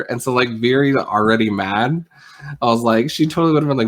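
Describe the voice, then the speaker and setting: A man who is a player in a tabletop game, chatting casually and retelling scenes in an animated way. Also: mid-range voice, normal speed. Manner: animated storytelling full of fillers. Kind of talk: casual chat between game turns.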